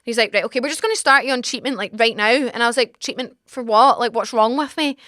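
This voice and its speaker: A young Scottish woman in her twenties, hosting a podcast and telling a personal story with animated, dramatic asides. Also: on the high side, quick pace, dry recording, studio quality. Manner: animated, dramatic retelling with acted-out exclamations. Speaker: podcast host. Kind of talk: casual storytelling chat. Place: small home podcast studio.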